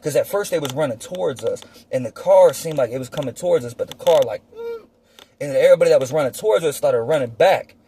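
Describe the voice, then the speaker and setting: A young man telling a personal story casually, animated and slangy with plenty of swearing, acting out gunshots with mouth sounds. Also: fairly high pitch, quick pace. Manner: profane, slangy; winds down quiet and reflective at the end.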